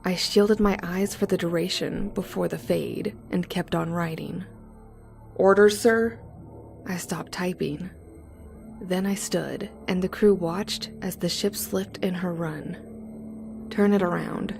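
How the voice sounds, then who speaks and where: A woman narrating a horror story in the first person, slow and deliberate. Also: on the low side, steady tone, vocal fry, darkish tone, soft background music.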